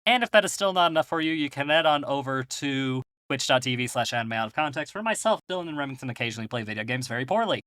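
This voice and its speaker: A man's voice: medium pitch, animated, quick pace, few pauses, a bit bright, dry recording. A young man hosting a podcast, wrapping up the show with upbeat, joking plugs and banter. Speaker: podcast host. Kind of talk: casual chat and show outro.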